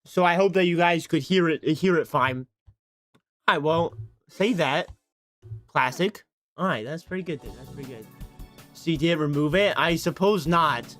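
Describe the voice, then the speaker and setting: A man's voice: on the high side, normal speed, pauses often, fairly bright tone, soft background music. A man livestreaming in casual chat, talking to his viewers in a self-mocking way from his home setup into a desk microphone. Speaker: streamer.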